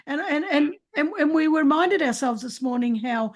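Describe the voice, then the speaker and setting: Woman in her sixties, high-pitched, emphatic, animated, casual interview host. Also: a little fast, hardly any pauses. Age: 60s. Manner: emphatic and animated, frequent restarts. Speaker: podcast host.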